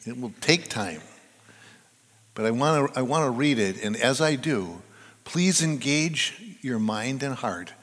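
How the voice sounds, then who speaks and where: In a church sanctuary, a male pastor gives a conversational sermon, posing questions to the congregation. His medium-pitched voice has lively intonation and a fairly bright tone, his pace is unhurried, and the hall is reverberant.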